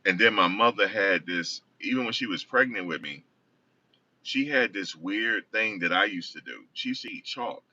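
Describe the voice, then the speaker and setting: A man's voice: lowish voice, expressive, moderate pace, pushed and bright. A man casually telling a rambling personal story, often correcting himself. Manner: rambling, self-correcting, conversational. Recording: distant dull lo-fi recording.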